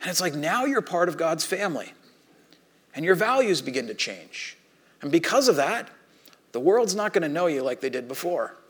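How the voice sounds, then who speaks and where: Middle-aged pastor, sermon delivery, casual storyteller who acts out dialogue, slightly raised male pitch. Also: sing-song, moderate pace, breathy edge.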